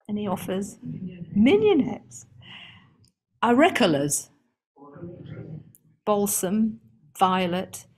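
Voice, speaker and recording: A woman's voice: mid-range voice, a little mellow. A woman garden historian giving a seminar talk to a room and online audience, chatty and amused, reading out lists with frequent ums and restarts.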